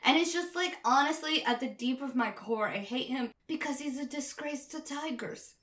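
A woman chatting casually and animatedly, swearing a lot and mocking characters with quick impressions. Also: high-pitched, fairly bright tone, reverberant. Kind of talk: casual chat.

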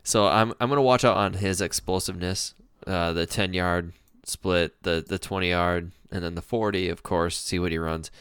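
A man's voice: deep voice, fairly even intonation, normal speed, few pauses, a bit bright, clear, resonant tone, no room sound, clean studio sound. A man co-hosting a podcast in casual, jokey chat, laughing often and rambling. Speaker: podcast co-host.

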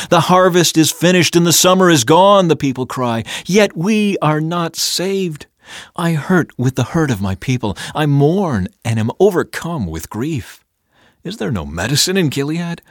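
A man reading scripture aloud in a measured, solemn and dramatic narration. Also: a little high, dry recording, clean studio sound. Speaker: scripture reader.

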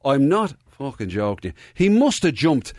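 A man's voice: mid-range voice, sing-song, unhurried, darkish tone, dry recording, clean studio sound. A man co-hosting a podcast, rambling through stories in casual chat and swearing. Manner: rambling storyteller, repeats "to be honest with you", swears. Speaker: podcast co-host.

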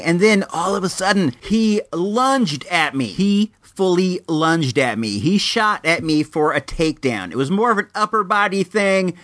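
Animated man telling a story, dry sound. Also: fairly high pitch, dry recording. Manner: animated, acts out both sides of the argument. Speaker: podcast host. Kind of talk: casual storytelling.

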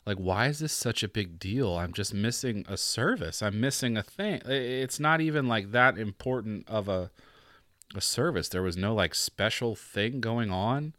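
A young man hosts a podcast and tells a personal story in a relaxed, chatty way. He slips into other people's voices when he quotes them and laughs often as he goes. His voice sits a little low, and the recording is dry and close. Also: moderate pace, no room sound. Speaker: podcast host. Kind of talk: casual storytelling monologue.

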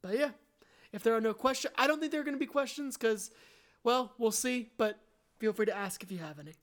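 A woman's voice: fairly high pitch, a little fast. A woman co-hosting a casual film review podcast. She is thoughtful and candid, often stopping to rephrase a point before going on. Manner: thoughtful, self-correcting, candid. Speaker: podcast co-host.

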